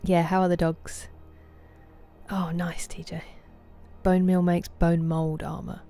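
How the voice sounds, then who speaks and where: A woman's voice: lowish voice, flat delivery, a little slow, warm tone, soft background music. A British woman streaming a game, chatting casually and greeting her viewers by name. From Britain. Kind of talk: casual chat with viewers while gaming.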